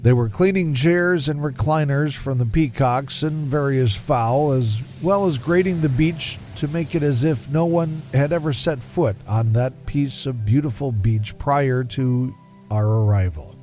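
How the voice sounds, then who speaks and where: A middle-aged man hosting a podcast, reading a scripted story in a measured, descriptive manner. His voice is mellow and warm. Soft music plays faintly beneath him. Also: medium pitch. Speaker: podcast host. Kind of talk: scripted narration.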